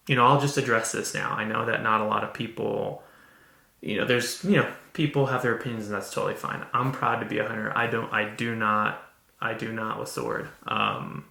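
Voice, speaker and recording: A man hosting a podcast, telling a personal story in an earnest, halting way with many restarts. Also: mid-range voice, creaky, bright, forceful tone, roomy sound. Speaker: podcast host. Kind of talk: casual storytelling.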